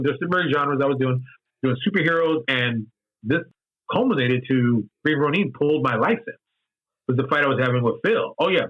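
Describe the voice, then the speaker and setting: A man in his fifties, a game designer telling candid stories in an interview, often repeating phrases for emphasis. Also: mid-range voice. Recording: dull lo-fi sound.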